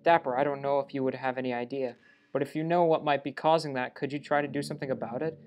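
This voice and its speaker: A man's voice: mid-range voice, fairly even intonation, fast talker, darkish tone, muffled recording, close to an everyday voice. Monika, a lovestruck game girl, read by a man. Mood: uneasy. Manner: reads character lines in his own voice with small stumbles. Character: lovestruck young woman game character, obsessive. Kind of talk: let's play reading game dialogue aloud.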